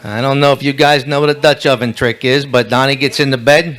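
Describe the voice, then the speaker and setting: A man's voice: mid-range voice, steady tone, quick pace, fairly bright tone. A man roasting a friend in front of a banquet crowd with crude bathroom jokes. He rambles, restarts and loses his place in his notes, then lands the punchline. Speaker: roaster, emcee. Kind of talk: comedy roast joke-telling. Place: banquet hall, live event.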